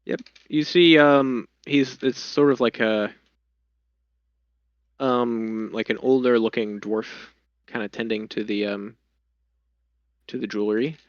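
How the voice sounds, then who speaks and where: A man running a tabletop game as game master, narrating slowly. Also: medium pitch, steady tone, no room sound. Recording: dull lo-fi sound.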